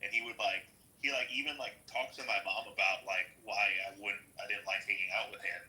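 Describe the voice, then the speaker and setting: A man's voice: lowish voice, fairly even intonation, a little fast, pushed and bright, poor audio. A man in a casual podcast chat, offering his opinion with plenty of hedges and fillers. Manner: hedging, filler-heavy opinion.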